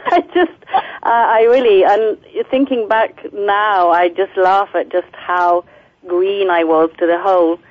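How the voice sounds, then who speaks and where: A woman calling in to a talk show, laughing easily and pausing with ums. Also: mid-range voice, no echo, muffled recording. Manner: warm, laughing, hesitant with ums. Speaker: actress guest. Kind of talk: casual phone-in chat.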